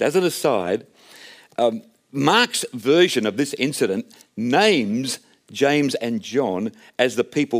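Brief: relaxed, talky male pastor with a somewhat high voice, telling stories from the pulpit. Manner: conversational, storytelling, self-correcting. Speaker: preacher. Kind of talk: sermon.

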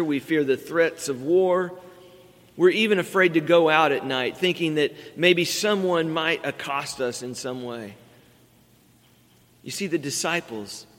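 A middle-aged pastor delivers his sermon in an earnest voice that sits a little high for a man. He leans into key words to drive his points home. His voice rings out with a long reverb, as in a large church sanctuary. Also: fairly bright tone.

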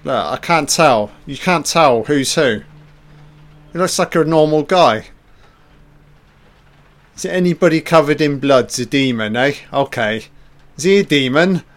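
Slow, sarcastic man. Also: fairly high pitch, animated. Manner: sarcastic and profane, laid-back asides. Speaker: film commentator. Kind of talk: casual film commentary.

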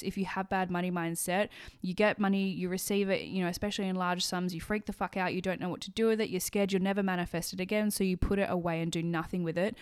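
Fast-talking sweary woman. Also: mid-range voice, clear, resonant tone. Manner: blunt and sweary, lots of profanity; animated, acts out quoted voices. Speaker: podcast host. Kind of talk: casual solo podcast monologue.

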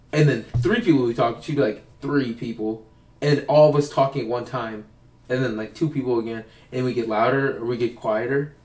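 A young man telling rambling stories in casual chat, co-hosting a podcast. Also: medium pitch. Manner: rambling, acts out quoted voices. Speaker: podcast co-host. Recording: roomy, distant mic.

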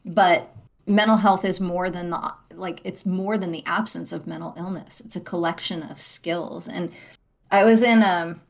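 A woman's voice: fairly low pitch, fairly even intonation, measured pace, vocal fry. A middle-aged woman, a guest on an interview show, speaking earnestly with frequent "right?" tags and restarts. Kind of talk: interview conversation.

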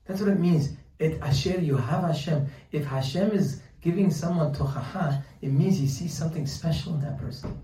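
A man giving a Torah lesson, telling a story with lively quoted voices. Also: on the high side, reverberant, recorded from a distance, rough recording. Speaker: Torah teacher. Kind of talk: sermon with storytelling.

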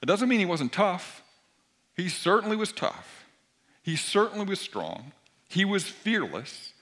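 A middle-aged man preaching a sermon, moving between soft near-whispered lines and forceful emphatic passages. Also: high-pitched, sing-song, measured pace. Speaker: pastor.

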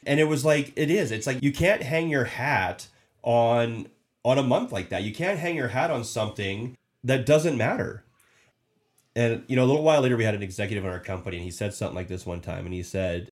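Speaking fairly quickly in a mid-range voice, this sales leader and podcast host delivers relaxed motivational talk. He hammers points home, repeats himself, and keeps starting sentences over.

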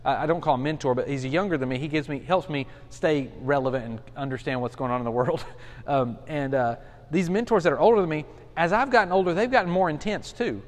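A man's voice: a little high, fast. Earnest forty-year-old man teaching in a reverberant room. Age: 40s. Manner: casual and earnest, with many restarts and fillers. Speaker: pastor. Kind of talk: Bible study teaching. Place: pastor's study. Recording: long hall reverb.

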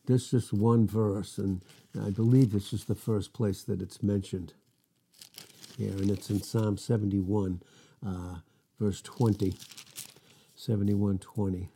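A man's voice: on the low side, fairly even intonation, takes it slowly, pauses often, mellow, slight background noise. A man preaching a sermon, reading scripture verses aloud and asking the listeners questions that he answers himself. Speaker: pastor.

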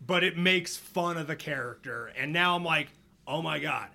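A man's voice: on the high side, moderate pace, creaky. A man co-hosting a casual comic-book podcast, retelling stories with jokes, laughs and mocking asides. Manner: animated, jokey, laughs often, mocks characters in put-on voices. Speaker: podcast co-host. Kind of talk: casual chat recapping comics.

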